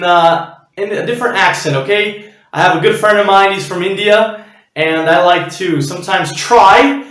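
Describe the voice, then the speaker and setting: A man hosts his own motivational vlog, chatting casually and checking in with viewers. His voice sits high for a man, and the room rings with heavy echo. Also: fairly bright tone. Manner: chatty, frequent "okay?" and "right?" check-ins. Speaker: channel host. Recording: echoey room.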